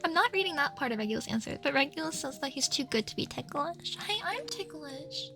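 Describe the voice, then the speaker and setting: A woman's voice: sits high, big pitch swings, a little fast, creaky, over music. A woman streamer answering viewer questions in a casual, playful chat, laughing often.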